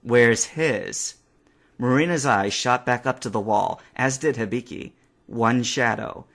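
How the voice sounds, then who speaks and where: A man narrating a fan-fiction story aloud with expressive storytelling. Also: mid-range voice, moderate pace, gravelly.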